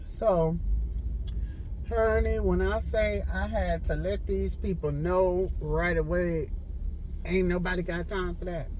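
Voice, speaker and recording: A woman telling an animated storytime vlog about her home care job, acting out the people she quotes. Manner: animated storytelling, acts out quotes with big pitch jumps. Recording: noisy, traffic outside.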